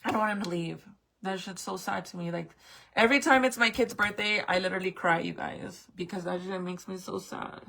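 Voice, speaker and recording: A woman's voice: medium pitch, brisk, gravelly, a bit bright. A woman in her late thirties talking casually to her viewers, swearing freely and fighting back tears, laughing nervously as she gets emotional. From New Mexico. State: tearful. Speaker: vlogger. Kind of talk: casual confessional talk to camera.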